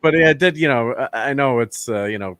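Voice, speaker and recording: A man's voice: mid-range voice, brisk, a bit bright, clear, resonant tone, dry recording. A man hosting a casual film review chat, rambling with fillers and laughing often. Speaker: channel host.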